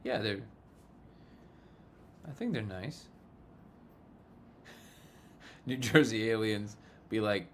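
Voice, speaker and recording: A man with a lowish, fairly bright voice hosts a casual livestream, reading viewer comments aloud and joking around. He speaks slowly with lively intonation and frequent pauses, chuckling often between remarks. There's slight background noise.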